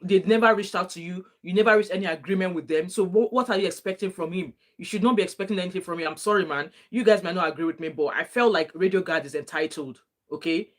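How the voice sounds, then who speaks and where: A woman's voice: fairly low pitch, fast talker, hardly any pauses. A woman giving opinionated, chatty commentary on a clip as a reaction vlogger. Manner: opinionated, chatty, greets viewers. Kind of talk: casual commentary on a played clip.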